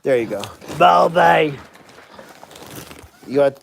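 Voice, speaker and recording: An excitable, chatty man hosts a casual livestream from an animal sanctuary barn. His voice sits a bit high for a man, and he thanks donors by name as he talks. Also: unhurried, a little hiss or hum. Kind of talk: casual live-stream chat.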